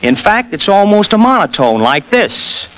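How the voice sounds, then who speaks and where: A man's voice: high voice, very animated, normal speed, fairly bright tone, low-quality recording. A man guesting as a radio impressionist on a 1940s radio interview, joking and explaining how he works. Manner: jokey, explanatory.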